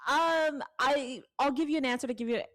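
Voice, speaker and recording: Animated, swearing woman podcast co-host. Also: high voice, a little fast. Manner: animated, swearing, reads listener questions. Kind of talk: casual podcast chat.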